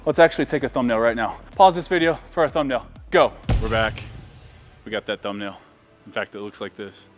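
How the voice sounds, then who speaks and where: A man's voice: medium pitch, a little fast, soft background music. A man filming a casual workout vlog in a gym, joking around and pushing the viewer between sets, sometimes out of breath. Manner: joking, hypes the viewer while training. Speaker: fitness vlogger.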